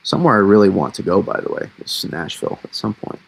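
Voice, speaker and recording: A man with a Massachusetts accent hosting a casual live weather analysis, thinking aloud in a halting way with many fillers. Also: on the low side, sing-song, vocal fry, husky. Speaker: weather stream host.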